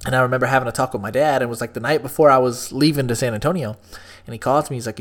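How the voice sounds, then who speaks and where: A man's voice: mid-range voice, steady tone, very fast. A young man from Texas hosting a solo podcast, telling stories in a profane, laid-back way. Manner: profane, storytelling, laid-back then hyped outro. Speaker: podcast host.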